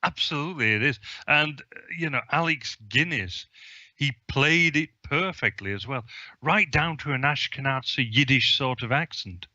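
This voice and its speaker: A man's voice: medium pitch, lively intonation, normal speed, bright, forceful tone, no echo, highs cut off. A man co-hosting a casual film discussion podcast, talking in a hesitant way with many ums and restarts. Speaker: podcast co-host; publisher.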